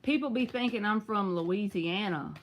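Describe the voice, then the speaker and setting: A woman's voice: mid-range voice, moderate pace, slight background noise. A woman with a Southern US accent giving live tarot readings, chatty and direct, answering viewers by name. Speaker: tarot reader.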